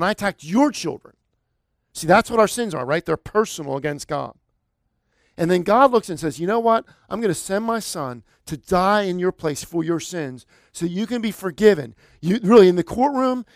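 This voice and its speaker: A man's voice: sits high, dry recording, clean studio sound. A man preaching a sermon in a conversational way, building to emphatic, rising bursts. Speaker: pastor.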